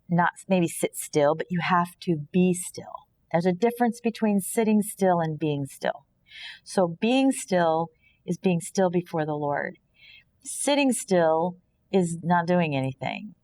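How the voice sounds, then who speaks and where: A woman's voice: fairly low pitch, slow, a little mellow. A woman from Kansas, a podcast guest, earnestly sharing a personal faith testimony and often acting out imagined dialogue. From Kansas, USA.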